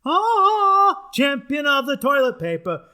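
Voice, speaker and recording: A man voicing a grandly heroic male superhero who proclaims himself in a booming, declaiming voice. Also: wildly swooping pitch, slow, bright, forceful tone, exaggerated voice. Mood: triumphant.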